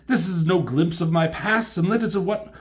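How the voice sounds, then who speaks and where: A man's voice: sits high, normal speed, voice pushed up, natural voice. A man voicing an overwrought woman warrior in a raised, theatrical, grandiose old-fashioned way. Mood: dramatic. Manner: grandiose archaic delivery.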